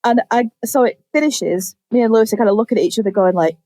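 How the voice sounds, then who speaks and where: Young woman, podcast co-host, casual animated storyteller who swears freely; slightly higher voice, dry close recording. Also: dry recording. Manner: animated storytelling, quick acted-out quotes, frequent swearing. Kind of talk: casual chat.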